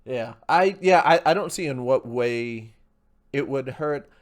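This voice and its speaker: A man's voice: medium pitch, a little slow. Man hosting a casual podcast. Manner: reads viewer questions from live chat, agreeable. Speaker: podcast host.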